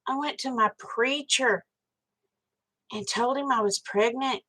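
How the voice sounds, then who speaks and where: A woman's voice: a little high, measured pace, pushed and bright, poor audio. A woman, hosting a live stream and telling a story in a frank, chatty way, swearing casually and talking straight to her viewers.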